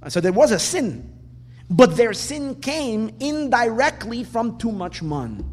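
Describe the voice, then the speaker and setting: A man teaching a Torah class in an animated way, repeating words for emphasis and asking rhetorical questions. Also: high voice. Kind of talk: lecturing on weekly Torah portion. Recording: long hall reverb, faint background noise.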